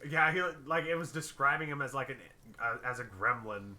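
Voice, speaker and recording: A man's voice: medium pitch, lively intonation, a little fast, pushed and bright, echoey room. A man chatting loosely on a game livestream, rambling with lots of fillers. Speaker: streamer playing a game. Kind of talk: casual game-stream chat.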